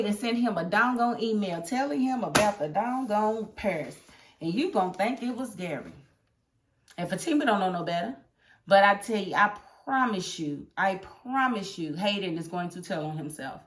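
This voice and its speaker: Sassy animated woman reviewing TV. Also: medium pitch, fairly quick. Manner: animated, sassy, talks back at characters. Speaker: TV episode reviewer. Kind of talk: casual chat.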